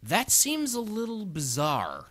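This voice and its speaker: A man narrating a sarcastic, crude comedic review of a movie, with sudden loud outbursts. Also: high-pitched, wildly swooping pitch, slow.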